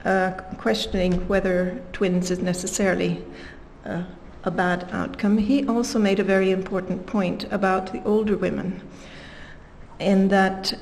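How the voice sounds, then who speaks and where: A woman delivering a scientific lecture at a conference, her voice pitched in the middle range. She speaks in a measured way and leans into the quotes she reads out. A faint noise sits under the recording. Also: steady tone, gravelly, a little mellow, poor audio.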